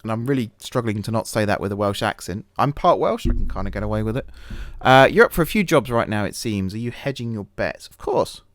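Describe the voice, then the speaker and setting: A man's voice: on the low side, lively intonation, fast talker, hardly any pauses, dry recording. Rambling self-mocking man, dry close mic. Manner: rambling, self-deprecating, many fillers and restarts. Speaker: gaming channel host. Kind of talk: casual let's-play commentary.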